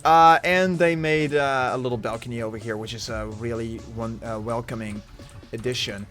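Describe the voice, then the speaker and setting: A man's voice: mid-range voice, steady tone, moderate pace, fairly bright tone. A man streaming a Minecraft world, chatting casually and rambling with many fillers and restarts over faint background music. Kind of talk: casual Minecraft livestream commentary.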